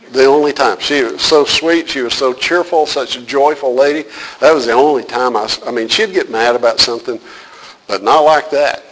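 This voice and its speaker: A man's voice: medium pitch, fairly bright tone, poor audio. A man preaching a sermon as a pastor, talking conversationally with fillers and asking the congregation questions.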